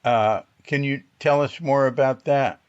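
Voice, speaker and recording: Slow-talking, hesitant male interviewer. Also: medium pitch, smooth, dull audio. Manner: gentle, hesitant, many fillers. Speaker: podcast host. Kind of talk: interview questions.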